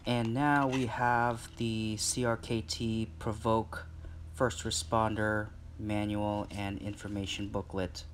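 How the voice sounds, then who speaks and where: A man's voice: on the low side, level tone, takes it slowly. Guy vlogging an unboxing at home, chatty and rambling, lots of um and like, bit of hiss in the background. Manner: chatty, filler-heavy, addresses viewers directly. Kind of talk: casual unboxing vlog.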